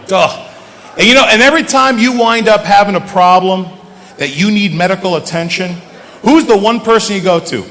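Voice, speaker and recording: A middle-aged male comedian doing stand-up, telling lively stories and switching between English and Greek. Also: on the high side. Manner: animated storytelling, switches into Greek. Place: comedy stage. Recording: reverberant stage hall, faint ambience.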